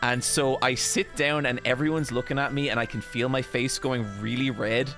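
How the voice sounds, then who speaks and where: Animated Irish man telling a story. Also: medium pitch, moderate pace, soft background music. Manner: animated, self-deprecating, swears freely. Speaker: podcast host. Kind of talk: casual anecdote storytelling.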